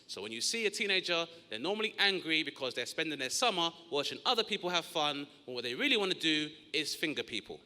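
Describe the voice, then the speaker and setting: Animated comic in a big hall. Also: male voice, fast, hardly any pauses. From South East London. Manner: animated storytelling with loud high-pitched put-on yelps. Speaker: stand-up comedian. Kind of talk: stand-up comedy set. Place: large comedy theatre on stage. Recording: long hall reverb.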